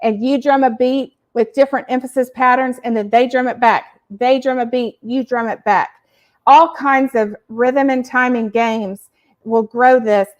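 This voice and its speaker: A woman podcast host explaining ideas to parents in an animated, emphatic teaching style. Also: fairly high pitch, measured pace, dull audio. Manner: animated, emphatic, uses acted examples. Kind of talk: educational explaining.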